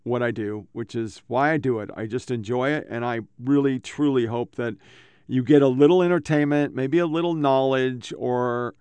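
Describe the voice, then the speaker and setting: A man's voice: mid-range voice, moderate pace, a little mellow, smooth, dry recording. A man hosting his own podcast, telling rambling, profane stories to his own microphone at a home computer setup. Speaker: podcast host. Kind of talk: casual rambling monologue.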